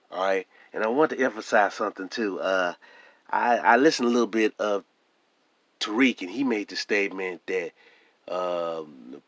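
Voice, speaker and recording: A man with a hoarse voice, talking emphatically and repeating himself in a casual vlog monologue. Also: on the low side, a bit bright, dry recording. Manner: emphatic and repetitive, often restarting phrases. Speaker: vlogger.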